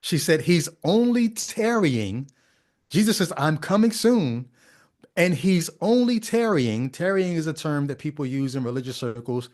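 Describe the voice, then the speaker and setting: Here a male podcast host with a fairly high, somewhat mellow voice comments critically on a video clip. His tone is doubtful and conversational, packed with rhetorical questions.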